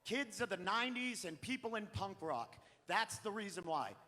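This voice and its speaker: A man from Maine in his thirties doing a live stand-up set, profane and ranting, often bursting into shouts. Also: high-pitched, expressive, moderate pace. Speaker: stand-up comedian. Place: large theater stage. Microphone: handheld stage mic. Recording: live theater stream with long hall reverb.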